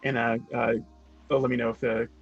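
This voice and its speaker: A man's voice: medium pitch, level tone, fairly quick, gravelly, husky, dull audio, soft background music. A man narrating a tabletop game as game master, rambling and restarting often. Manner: rambling, full of fillers and restarts.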